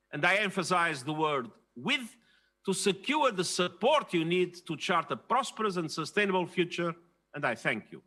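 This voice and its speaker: An older man delivering a formal prepared speech at a leaders' dialogue, measured and emphatic. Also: high voice, big pitch swings, bright, forceful tone. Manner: measured, emphatic, stressing key phrases. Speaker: keynote speaker at a leaders' dialogue.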